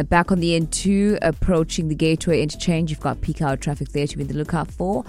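A man reading a radio traffic report in a steady, matter-of-fact way. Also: on the high side.

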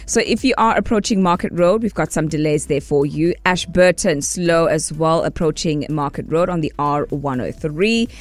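A man gives a radio traffic report in a chatty, self-mocking way. His voice is mid-pitched. Faint music plays behind him. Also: normal speed, hardly any pauses. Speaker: traffic presenter.

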